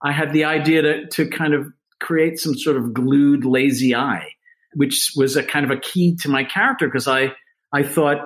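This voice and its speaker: A man's voice: fairly high pitch, normal speed, rough recording. A middle-aged actor, a man, chatting as an interview guest, telling loose, self-mocking anecdotes. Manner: rambling, self-mocking, animated storytelling. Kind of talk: casual interview chat.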